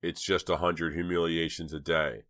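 A man's voice: deep voice, level tone, normal speed, no echo, studio quality. A man doing a bitter, desperate jailed teen boy. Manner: loud, pleading, angry outbursts.

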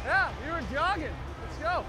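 A professional quarterback talking on a body mic on a stadium sideline, loudly encouraging teammates. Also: male voice, very high voice, expressive, moderate pace, over loud music. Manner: loud, hyped encouragement to teammates. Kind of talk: mic'd-up sideline talk. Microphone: body-worn mic. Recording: noisy field mic with crowd. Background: roaring stadium crowd.

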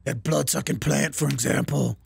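A man reading the lines of a cryptic talking bird in a lower, grave, admonishing voice while playing a game. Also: fairly even intonation, moderate pace, vocal fry, breathy edge, no echo, exaggerated voice. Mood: stern warning.

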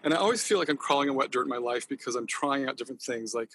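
A man speaks quickly and with passion, rambling as a podcast guest. His voice has a husky edge. His swearing comes easily, in a loose and casual way. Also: mid-range voice, expressive, bright, forceful tone, no echo. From Northern California. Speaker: podcast guest, company founder. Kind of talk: casual interview chat.

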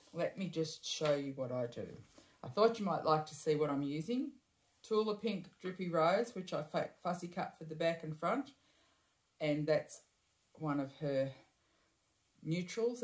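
A bag-making tutor whose voice is slightly low and a little mellow talks through a sewing step for a bag in an echoey room. Her manner is relaxed and chatty, with frequent self-corrections and asides.

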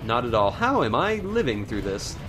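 A man giving profane, sarcastic, excitable commentary over his own gameplay. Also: medium pitch, normal speed, music in the background. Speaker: gaming commentator. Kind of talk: let's play commentary.

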